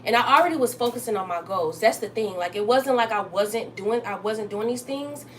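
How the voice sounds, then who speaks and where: A young woman hosting a casual livestream from her kitchen while she cooks, chatting straight to her viewers and jumping up high to greet them. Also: a little fast, a little hiss or hum. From Texas. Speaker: livestream host. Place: home kitchen.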